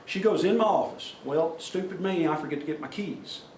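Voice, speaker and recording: A man's voice: fairly high pitch, brisk, a little mellow. A middle-aged man, telling plain-spoken, folksy stories to a safety meeting crowd. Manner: folksy, plain-spoken, acts out quoted voices. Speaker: speaker at a workplace safety meeting. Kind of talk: storytelling talk to an audience. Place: meeting room. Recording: echoey room from far off, faint noise.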